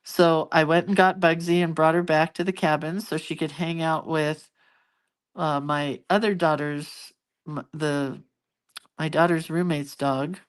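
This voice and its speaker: A middle-aged woman talks casually to her viewers, rambling from one story to the next. She restarts sentences and fills pauses with ums. Her voice sits a little low. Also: steady tone. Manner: rambling, chatty, with many fillers and restarts. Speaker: host. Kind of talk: casual chat to live viewers.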